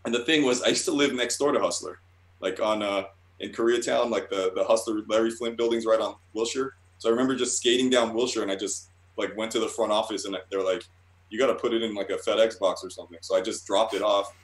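A man with a fairly low voice tells loose, rambling stories in a casual interview. He swears freely and pokes fun at himself as he goes. The recording has a roomy, echoey sound. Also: steady tone, a little fast. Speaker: guest cartoonist.

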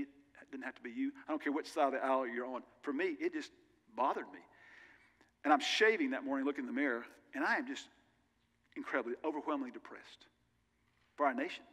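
A man's voice: medium pitch, a little fast, pauses often, a bit bright. A male pastor preaching a sermon in an earnest, conversational way with candid personal asides, recorded in a church sanctuary. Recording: long reverb of a large church hall.

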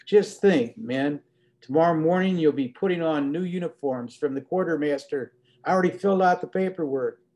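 A man's voice: a little high, normal speed, a little mellow, natural voice. A man voicing a proud, scheming male militia captain who talks up his plans boastfully. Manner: boastful, persuasive, rising enthusiasm.

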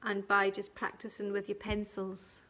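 A woman teaching colouring and shading on a live stream, talking gently step by step and thanking viewers by name. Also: medium pitch, completely flat delivery, normal speed. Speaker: craft tutor.

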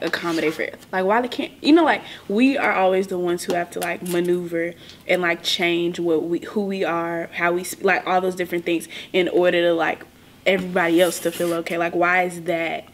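Low-voiced young woman, clinking dishes behind. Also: a little hiss or hum. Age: young adult. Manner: questioning, frustrated. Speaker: student panelist. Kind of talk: casual panel discussion.

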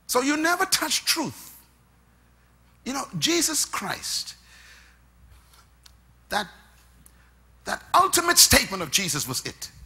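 Husky, animated male preacher. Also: very high voice, slow, pauses often. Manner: emphatic, listing points, swinging from loud to soft. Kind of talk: sermon.

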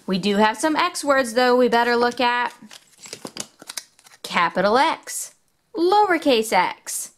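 A woman hosting a children's toy video, slowly sounding out letters and words in a sing-song, excitable teaching manner. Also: a little high. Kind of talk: children's educational toy demo.

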